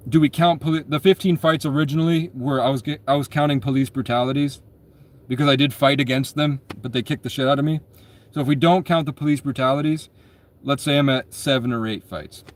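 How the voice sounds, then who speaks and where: Man, twenties, casual storyteller; rambling, profane delivery, constant self-corrections. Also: mid-range voice. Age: 20s.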